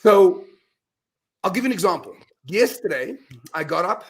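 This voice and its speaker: A man talking as a guest in a casual interview, telling animated stories and acting out his own self-talk, often restarting words. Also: high-pitched, normal speed. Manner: animated storyteller, repeats words when restarting. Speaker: podcast guest, mindset coach.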